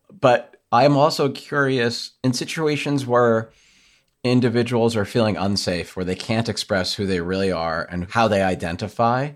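A man interviewing a guest, speaking slowly and thoughtfully as he frames his question. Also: on the low side.

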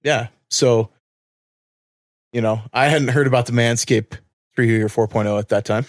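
Casting: male podcast co-host, animated storyteller, dry close sound. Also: mid-range voice, normal speed, no room sound. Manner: animated storyteller, acts out voices, laughs often. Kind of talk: casual chat, storytelling.

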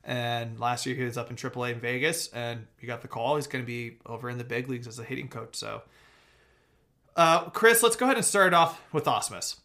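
A young man co-hosting a laid-back sports podcast, lively and joking as he runs down the latest team news. His voice sits in an everyday middle pitch. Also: brisk. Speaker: podcast co-host. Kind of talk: casual sports podcast chat.

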